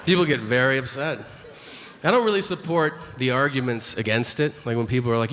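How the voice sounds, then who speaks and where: A man's voice: medium pitch, expressive, a little fast. A man doing a stand-up comedy routine on stage, profane and acting out both sides of exchanges in mocking voices. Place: comedy stage before a live audience. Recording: noisy live stage recording.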